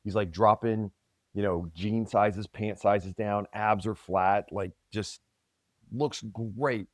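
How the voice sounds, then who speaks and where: A man's voice: on the low side, fairly even intonation, slow, no room sound. A man co-hosting a podcast and coaching fitness, teasing and joking in casual banter. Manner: joking, teasing, playful impressions.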